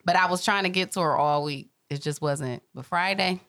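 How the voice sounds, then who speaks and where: A young woman co-hosting a podcast, chatting casually and telling a work story with lively voiced quotes. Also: on the low side, moderate pace. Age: young adult. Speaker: podcast co-host. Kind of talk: casual chat.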